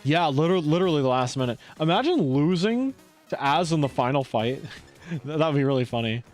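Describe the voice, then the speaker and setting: A male streamer chatting casually while playing a game, rambling and lively. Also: a little high, a little fast, faint music behind. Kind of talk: casual gameplay chat.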